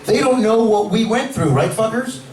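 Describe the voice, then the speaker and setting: A man performing a stand-up comedy set in a club, brash, profane and energetic. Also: high voice, moderate pace, very noisy. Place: cannabis club stage. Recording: echoey club from far off, crowd.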